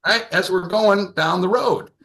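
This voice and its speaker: Brief: sixties male comic, bright forceful tone, rambling anecdote style, video call mic. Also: high-pitched, unhurried, creaky. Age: 60s. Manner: rambling, lots of filler and restarts. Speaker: comedian. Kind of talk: stand-up storytelling on a video call.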